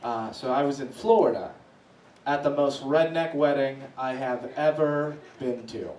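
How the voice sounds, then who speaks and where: A man doing stand-up, telling a story with lively swings in his voice as he acts out reactions. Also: measured pace. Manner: animated, voices swing high when acting out reactions. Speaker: stand-up comedian. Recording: echoey room from a distance.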